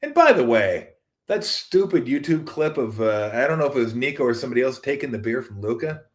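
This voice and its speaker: A man's voice: medium pitch, sing-song, a little fast. A middle-aged man hosts a casual sports talk show on his own. His delivery rambles and jokes, and he slips into little acted-out voices of other people along the way. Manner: rambling, jokey, acts out quoted voices.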